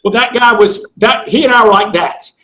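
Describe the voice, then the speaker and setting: A man's voice: sits high, normal speed, bright, forceful tone, low-quality recording. A middle-aged man and sales coach telling a long personal story in a blunt, profane way, acting out the dialogue he quotes. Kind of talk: storytelling interview guest.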